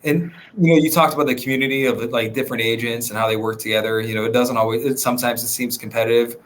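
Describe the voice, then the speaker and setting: A man's voice: medium pitch, fast. Easygoing man talking shop. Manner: relaxed, rambling, many fillers. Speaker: real estate agent, podcast guest. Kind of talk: casual podcast conversation.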